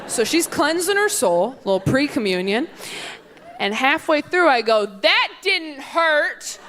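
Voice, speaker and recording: A young woman in her twenties performing a stand-up routine in a quick, deadpan way on a stage mic, with her voice jumping high for the lines she acts out. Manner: quick deadpan delivery, high-pitched voice for acted quotes. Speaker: stand-up comedian. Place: comedy stage before a live audience. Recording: noisy live room with audience.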